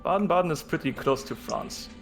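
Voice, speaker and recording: A man's voice: on the high side, animated, a little fast, creaky, faint music behind. Joking man chatting while gaming. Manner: joking, teasing. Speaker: gaming companion. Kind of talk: casual chat while gaming.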